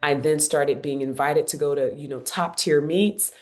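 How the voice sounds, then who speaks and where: A woman in her forties speaks in a notably low voice. She is a podcast guest who tells her story with lively emphasis. She repeats phrases to drive her points home. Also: moderate pace. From Cincinnati, United States. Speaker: guest, former Olympic runner.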